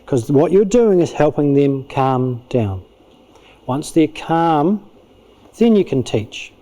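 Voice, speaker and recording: A middle-aged man with a New Zealand accent, a clinical psychologist giving an animated parenting talk at a church, acting out parents and kids in quick asides. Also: a little high. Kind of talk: lively spoken teaching talk. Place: church auditorium.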